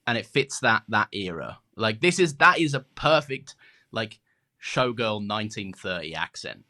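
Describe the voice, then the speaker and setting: A man's voice: lowish voice, very animated, moderate pace, bright, forceful tone. A man co-hosting a podcast, talking animatedly with frequent hesitations. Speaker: podcast co-host. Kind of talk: casual chat.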